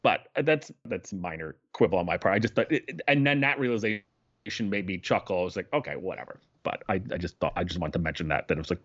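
A man's voice: low-pitched, lively intonation, fast talker, a bit bright. Man, podcast co-host, casual film chat, rambling, self-interrupting, dull lo-fi recording. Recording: dull lo-fi sound.

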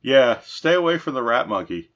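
A man's voice: medium pitch, sing-song, moderate pace, a bit bright. A man co-hosting a podcast, chatting casually about a film and making dry joking asides. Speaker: podcast co-host. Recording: dull lo-fi sound.

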